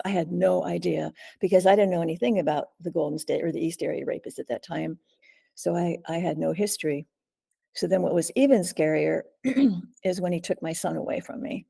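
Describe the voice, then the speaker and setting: An older woman tells her story in a dark, mellow, strongly gravelly voice. She speaks haltingly and earnestly, pausing and clearing her throat often. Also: fairly low pitch. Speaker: guest, survivor and author. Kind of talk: recounting a personal ordeal in an interview.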